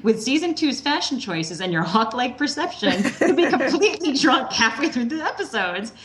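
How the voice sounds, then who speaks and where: Lively woman reading an email. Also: high voice, moderate pace, a little hiss or hum. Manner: animated reading with laughs. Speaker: podcast co-host.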